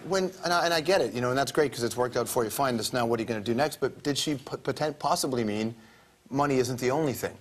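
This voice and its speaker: A man hosting a television talk show, asking probing questions and pushing back on his guest. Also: mid-range voice. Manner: probing, quick questions with lively challenges. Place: television studio.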